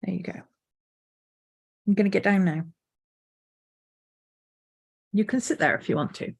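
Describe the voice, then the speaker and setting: A woman artist thinking aloud as she sketches, unhurried, now and then cooing to her dog. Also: medium pitch, gravelly, slightly rough. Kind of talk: casual art vlog narration. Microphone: desk mic.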